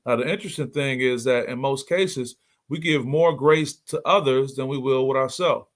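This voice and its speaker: A man's voice: medium pitch, normal speed. A middle-aged man hosting a motivational livestream, speaking earnestly and repeating key points for emphasis. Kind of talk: motivational talk.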